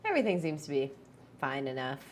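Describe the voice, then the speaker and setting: A woman's voice: a bass voice, very animated, fast, a little hiss or hum. A woman narrating as game master for a tabletop game, casual and full of "like"s. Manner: casual, filler-heavy narration with many "like"s.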